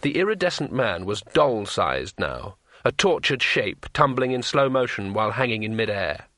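Brief: male narrator for a comic fantasy audiobook, measured and wry, dry booth sound. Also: lowish voice, very animated, pushed and bright, dry recording.

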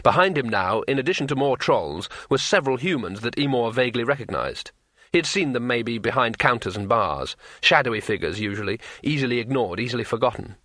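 A man reading a fantasy audiobook in a measured, unhurried way. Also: mid-range voice, lively intonation, fairly bright tone, no echo, clean studio sound. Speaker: narrator.

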